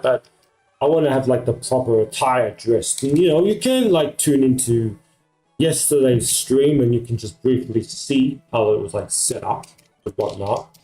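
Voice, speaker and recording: A man from Australia who sounds American chats on a livestream from home at night. His medium-pitched voice is mellow, the recording is rough, and his talk rambles with lots of fillers.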